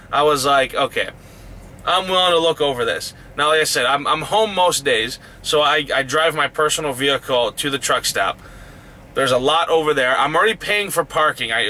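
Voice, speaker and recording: A man's voice: on the high side, pushed and bright. A man who drives trucks, ranting angrily about a truck stop in a heated, profane, rising voice. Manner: heated, swears constantly, voice rising in outrage. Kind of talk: angry profane rant.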